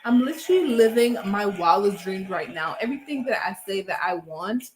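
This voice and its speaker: A woman's voice: mid-range voice, lively intonation, normal speed, reverberant. A woman hosting a casual motivational talk, upbeat and slangy, often checking in with her listeners. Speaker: host.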